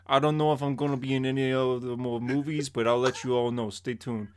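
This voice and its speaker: A man's voice: medium pitch, steady tone, a little fast, clean tone, lightly acted. A man doing a casual impression of a famous actor, drawling and chummy as he plugs himself. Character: laid-back male movie star impression, casual and chummy.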